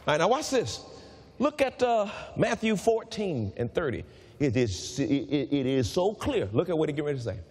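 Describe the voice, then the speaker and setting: A man preaching a sermon, reading scripture aloud and acting out its dialogue in an animated way. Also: sits high, normal speed, husky, long reverb tail. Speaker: pastor.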